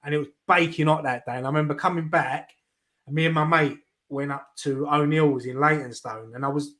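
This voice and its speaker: A man's voice: fairly high pitch, a bit bright, poor audio. Casting: middle-aged man, raised voice, rambling storyteller with restarts on a fan chat show. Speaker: fan channel host. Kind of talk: casual chat.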